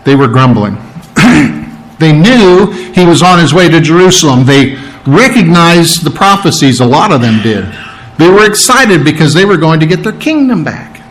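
Conversational male preacher, slightly high voice. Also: very animated, moderate pace, fairly bright tone. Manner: conversational, repeats words for emphasis, frequent throat-clearing. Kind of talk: sermon.

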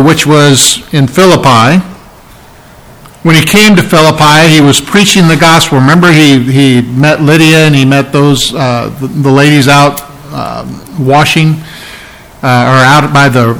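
A man preaching from the pulpit in a fairly high voice. He talks in a conversational way, with restarts and fillers, and rises for emphasis when he reads and explains Bible verses. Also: unhurried, fairly bright tone, poor audio. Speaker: pastor. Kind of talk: sermon.

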